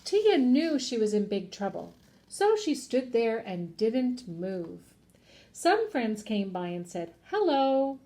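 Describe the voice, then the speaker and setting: A woman's voice: mid-range voice, takes it slowly. A woman teacher reading a children's picture book aloud, acting out the characters and asking her listeners questions. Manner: expressive, acts out voices, asks listeners questions. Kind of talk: children's storybook read-aloud.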